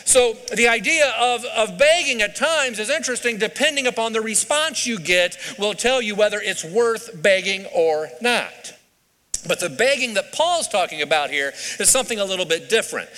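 Pastor, male, high bright voice, conversational sermon delivery, asks the room questions, long hall reverb.

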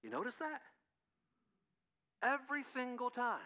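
A man preaching a sermon in a relaxed, conversational way, often asking the congregation questions. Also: extremely high pitch, measured pace. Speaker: pastor.

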